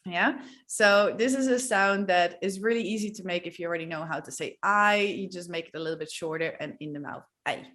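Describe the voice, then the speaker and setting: A woman with a Dutch accent, a native Dutch speaker, teaching pronunciation in a playful, demonstrative way and repeating example words slowly. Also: lowish voice, fairly bright tone. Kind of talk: pronunciation lesson to camera.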